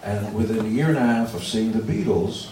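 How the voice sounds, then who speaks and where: A man's voice: fairly low pitch, a little fast, warm tone, a little hiss or hum. A man in his sixties telling blunt, joking stories to a live audience between guitar chords. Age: 60s. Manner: joking, blunt, crude asides. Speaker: musician telling stories to fans. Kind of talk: casual live storytelling with guitar. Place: event room with an audience. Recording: roomy, distant mic with guitar.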